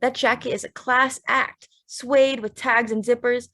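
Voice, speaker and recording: A woman narrating a literary audiobook in a steady, measured, plain way. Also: a little high.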